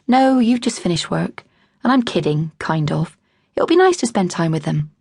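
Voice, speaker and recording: A woman's voice: fairly low pitch, lively intonation, normal speed, gravelly, darkish tone, husky, no room sound, studio quality, full character voice. A woman voicing an easygoing husband who teases and sighs wryly in an audiobook. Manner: wry, teasing, sighing. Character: easygoing joking husband, adult man.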